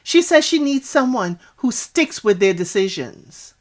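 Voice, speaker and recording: A woman's voice: a little high, sing-song, a little slow. A woman giving a casual spoken recap of a reality show, chatty and sassy, talking back to the people on screen with lots of asides.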